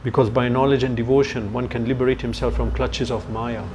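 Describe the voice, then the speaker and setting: With a medium-pitched, somewhat mellow voice and a flat, brisk delivery, a man lectures young listeners on scripture like he's swapping stories, tossing in asides and hunting for words as he goes. Slight background noise is audible.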